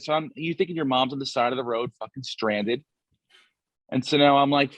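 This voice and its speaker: A man's voice: mid-range voice, fast, a bit bright, no room sound, muffled recording. Profane rambling man hosting a podcast. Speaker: podcast host. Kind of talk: casual podcast chat.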